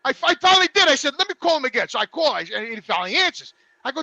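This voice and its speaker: Very high-pitched gravelly man. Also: racing, dry recording. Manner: animated, profane, stammering restarts. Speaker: regular panelist. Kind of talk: casual storytelling.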